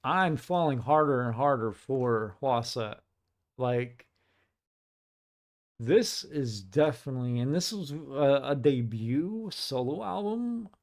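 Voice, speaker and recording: Slow-talking man reacting to music. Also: mid-range voice. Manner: musing, excitable, says "like" often. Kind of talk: casual music reaction commentary.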